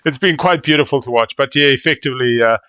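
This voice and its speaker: A man from South Africa with a South African accent, commentating live on a board game in a chatty, excitable, slangy way. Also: mid-range voice, fast, clean tone, dry recording, dull audio.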